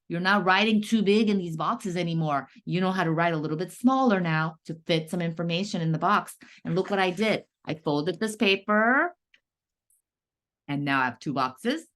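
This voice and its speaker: A woman teaching first graders to write, her voice swooping up and down in a patient sing-song. She stretches key words out slowly and checks in with the class often. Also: medium pitch. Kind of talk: classroom writing lesson.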